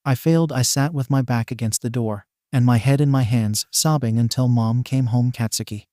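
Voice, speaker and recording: A man narrating a first-person fan fiction story in a steady reading delivery. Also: mid-range voice, moderate pace, no echo, studio quality.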